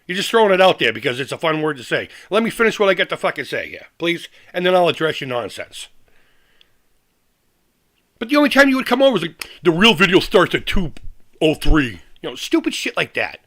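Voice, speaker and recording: A man's voice: on the high side, big pitch swings, quick pace, fairly bright tone. A man on a live stream, angrily ranting with heavy swearing, repeating himself and restarting sentences. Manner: angry, profane, fired-up. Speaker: retro gaming YouTuber.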